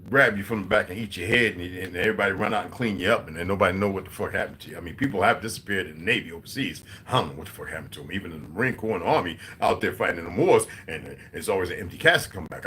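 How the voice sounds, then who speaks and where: A man's voice: fairly low pitch, pushed and bright. A man in his forties giving a rambling, profane, preachy monologue. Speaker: video host.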